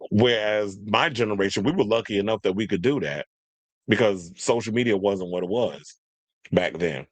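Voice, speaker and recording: A man with a fairly low voice hosts a loose commentary chat. He talks in an animated, joking way, slipping into mocking impressions. The sound is close and dry. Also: normal speed, no room sound. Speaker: podcast host.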